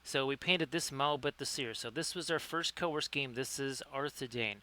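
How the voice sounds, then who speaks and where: A man's voice: medium pitch, normal speed, noisy background. A man hosting a live-streamed miniature painting lesson. He talks in a chatty, upbeat way, greets viewers by name and corrects himself as he goes. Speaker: livestream host, painting tutor.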